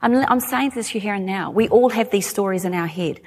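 A woman's voice: mid-range voice, fairly quick. Chatty Australian woman in a hall. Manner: chatty, animated, laughing asides. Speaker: speaker. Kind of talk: talk to a live audience. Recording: long hall reverb.

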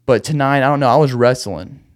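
A man's voice: mid-range voice, fairly quick. Wound-up man venting late at night. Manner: rambling, restless, laughs while angry. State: agitated, wound up. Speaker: podcast host. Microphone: podcast microphone.

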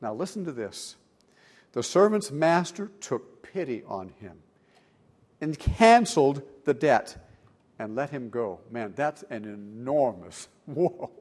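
A pastor delivers a sermon in church at a slow pace and medium pitch. He's animated, swinging between loud emphasis and quiet asides.

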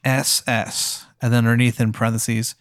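A young man running a comic tabletop game as game master, deadpan and laughing at his own bits. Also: medium pitch, normal speed, no room sound, studio quality. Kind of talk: improvised comic tabletop narration.

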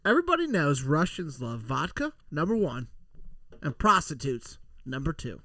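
A man's voice: a little high, very animated, normal speed, sharp tone, no echo, clean studio sound. A man co-hosting a podcast, bragging and scheming in casual, joking banter. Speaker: podcast co-host.

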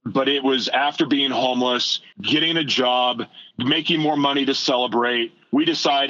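Bright-voiced man telling his story. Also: mid-range voice, normal speed, dull audio. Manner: animated, acting out his own past thoughts. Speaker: guest.

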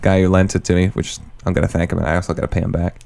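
Rambling young man with a lowish voice. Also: completely flat delivery, rapid-fire, vocal fry, darkish tone. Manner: rambling storyteller, heavy use of "like". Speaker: podcast co-host. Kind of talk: casual chat.

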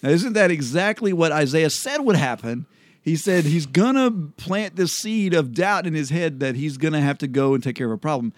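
A man with a fairly high voice talks through scripture in a relaxed, casual way, often pausing with ums and restarting his sentences. He is recorded close and dry, with no room sound. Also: no echo. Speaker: Bible study host. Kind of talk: casual Bible study chat.

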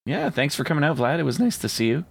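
A man's voice: a little high, big pitch swings, fast talker, vocal fry, husky, no echo. A man co-hosting a casual prank-call podcast, joking and rambling. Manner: joking, rambling, puts on silly voices. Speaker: podcast co-host.

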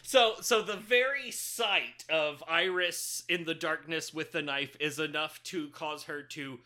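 A woman's voice: low-pitched, a little slow, bright, forceful tone. A woman co-hosting a podcast, recapping a film in casual, profane, joking chat and laughing often. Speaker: podcast co-host.

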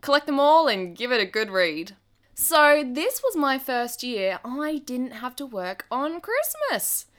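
Bubbly young radio host played by a woman, animated voice, chirpy patter, comedy audio drama. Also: sits high, measured pace, full character voice. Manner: chirpy on-air patter, exasperated with her sister.

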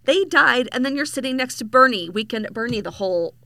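Gal on a podcast asking rambling questions, bit of fry, dry close sound. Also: female voice, a little high, animated, quick pace, pushed and bright, no echo. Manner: curious, rambling questions with laughs. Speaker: podcast co-host. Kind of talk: casual chat.

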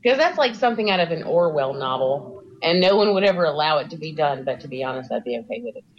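A woman co-hosting a horror movie podcast, adding dry, wry comments to the chat. Her pitch moves a lot as she talks. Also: very animated, fast talker, muffled recording. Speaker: podcast co-host. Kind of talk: casual chat.

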